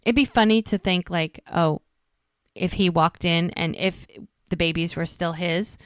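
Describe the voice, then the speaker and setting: A woman's voice: lowish voice, a little slow, dry recording, studio quality. A woman co-hosting a podcast, casually recapping a TV episode by quoting what each character says. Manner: retells scenes by quoting characters, lots of "she's like".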